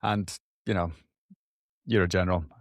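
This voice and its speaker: A man hosting an interview podcast in a low voice, sounding dry and close to the mic. He talks loosely and casually, stumbling and restarting as he reads and jokes aside. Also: steady tone, dry recording. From former soldier. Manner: loose, halting, restarts and asides while reading. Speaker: podcast host.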